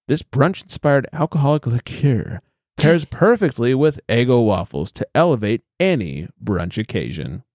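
A man's voice: medium pitch, a little mellow, dry recording, clean studio sound. A man hosting a casual podcast, reading beer news headlines aloud and joking about them. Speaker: podcast host.

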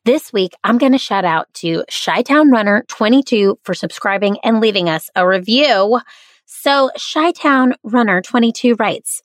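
A woman's voice: mid-range voice, expressive, normal speed. A woman with a nasal twang and a Southern and Midwestern American accent, hosting her own podcast in an upbeat, playful way. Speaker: podcast host. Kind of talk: podcast host monologue.

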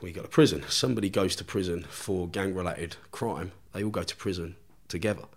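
A man's voice: low voice, steady tone, fairly quick. A man, a podcast guest telling a story in casual chat, swearing constantly and laughing along with his own tale.

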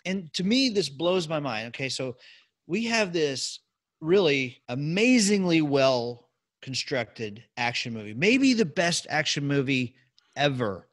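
A man co-hosting a casual talk show, telling behind-the-scenes stories with animated energy. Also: on the high side, unhurried. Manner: animated storyteller with lively swings. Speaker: podcast co-host. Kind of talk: casual chat about movie history.

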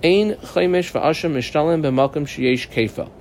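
A man's voice: on the high side, moderate pace, a little mellow, a little hiss or hum. A man teaching a small Talmud class, reading the Aramaic text, translating it phrase by phrase, and asking and answering his own questions as he explains. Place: small study group.

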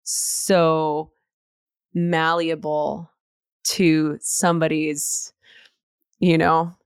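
A woman's voice: sits low, flat delivery, very slow, clear, resonant tone, no echo, studio quality. A woman from East Los Angeles, a podcast guest and author, talking earnestly and reflectively in an interview and rephrasing her thoughts as she goes. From East Los Angeles, USA. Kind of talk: conversational interview.

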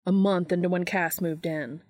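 A gruff young man in a fan audiobook, defensive and nervous, as a woman puts him on. His voice sits somewhat low and dry, with a close recording. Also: fairly even intonation, normal speed, darkish tone, dry recording, close to an everyday voice.

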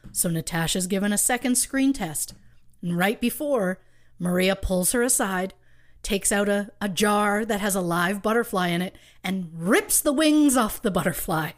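A female podcast co-host tells a true crime story drawn from her research, adding wry asides and light laughs. Her voice is mid-range and her pace moderate.

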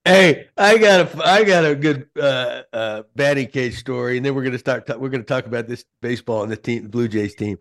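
A man hosting a podcast chat, animated and folksy, often repeating his words. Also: mid-range voice, brisk, few pauses. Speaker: podcast host. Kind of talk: casual chat.

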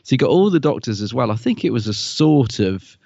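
A man's voice: mid-range voice, sing-song, a little fast, creaky, dark tone, slightly rough, no room sound, muffled recording. A man co-hosting a podcast, chatting casually and often laughing as he tells anecdotes. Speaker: podcast co-host. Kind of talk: casual chat.

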